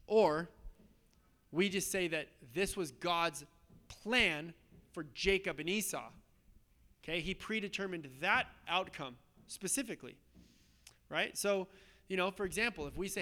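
A man's voice: high voice, moderate pace, pushed and bright. A man preaching a sermon in a conversational, emphatic way, often checking in with his listeners. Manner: emphatic, conversational, frequent "okay?" and "right?" check-ins. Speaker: pastor.

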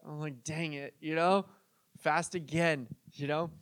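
A man's voice: fairly high pitch, fairly even intonation, unhurried, fairly bright tone, no echo, clean studio sound. A young man preaching a casual, conversational sermon as pastor, telling stories and acting out the people he quotes. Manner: chatty, storytelling, acts out quoted voices.

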